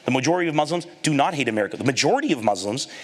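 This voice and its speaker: A comedian giving an animated storytelling talk, acting out the people in his anecdotes and laughing at his own lines. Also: mid-range voice, rapid-fire.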